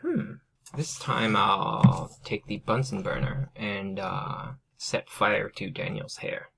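A man playing a tabletop role-playing game, speaking in a measured way and reading rules text aloud. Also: on the low side, gravelly, sharp tone, a little hiss or hum. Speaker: player. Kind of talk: casual tabletop play.

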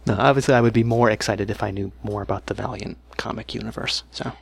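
A man with a gravelly, creaky voice chats on a gaming podcast, recorded close and dry. His humor is deadpan and self-deprecating. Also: fairly low pitch, fast talker, no echo. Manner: dry, self-deprecating, calls himself monotone. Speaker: podcast co-host. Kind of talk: casual podcast chat.

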